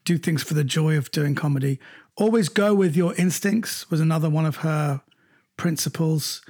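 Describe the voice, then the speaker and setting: A middle-aged man, a comedian, recounting anecdotes in an animated way during an interview. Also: moderate pace. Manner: animated anecdotes, jumps higher when quoting others. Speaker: comedian guest. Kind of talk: storytelling in an interview.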